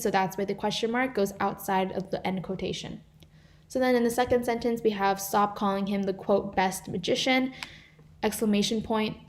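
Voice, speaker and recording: A woman's voice: mid-range voice, darkish tone. A teenage girl volunteering as a tutor, explaining grammar examples from slides in a live online class, with a few fillers and restarts. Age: teens.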